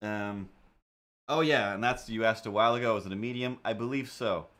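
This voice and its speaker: A man's voice: fairly low pitch, fairly quick, fairly bright tone. A man hosting a casual drawing livestream, talking in a rambling, jokey way with lots of fillers and asides. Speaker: livestream host and artist.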